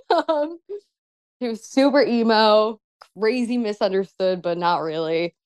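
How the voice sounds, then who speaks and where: The pro wrestler guest, a young woman, has a mid-range, darkish, clean voice and speaks unhurriedly. Her interview chat is relaxed, full of laughter and frequent "like"s, and the recording is dry.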